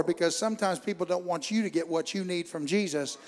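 A man preaching a fervent Pentecostal sermon, moving from storytelling into loud exclamations and speaking in tongues. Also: high-pitched, fairly quick. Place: church hall. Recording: long reverb in a hall.

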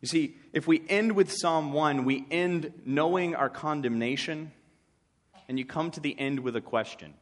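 A man's voice: a little high, normal speed. A man preaching a sermon, conversational and wry, slipping into short acted asides.

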